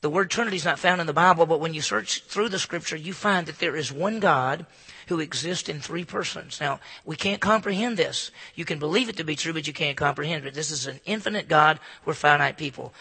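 A man preaching a sermon as pastor, emphatic and building to loud repeated phrases. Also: a little high, slightly rough. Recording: long hall reverb.

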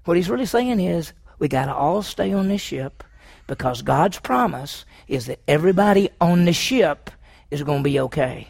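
High-voiced gravelly preacher man. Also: lively intonation, normal speed, darkish tone. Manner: asks the audience questions, acts out quotes. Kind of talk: sermon on a Bible passage.

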